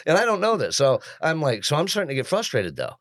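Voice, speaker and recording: A man's voice: on the high side, huge pitch swings, quick pace, fairly bright tone, no echo, clean studio sound. A middle-aged man co-hosting a podcast, telling stories in a casual, self-mocking way and laughing often. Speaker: podcast co-host. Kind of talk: casual storytelling chat.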